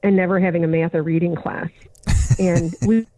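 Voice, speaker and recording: A podcast guest who works as an educator and consultant tells a story conversationally over a remote interview with narrow, phone-like audio. She acts out both sides of a dialogue, giving each remembered person a voice. Her voice is lowish, steady and warm, at normal speed, with no echo.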